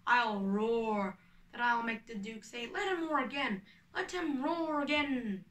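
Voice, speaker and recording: The mic sits at a distance in an echoey room as a woman reads a boastful, eager male weaver and amateur actor. Her voice is bright and a little high for a woman, and her pace is a little slow.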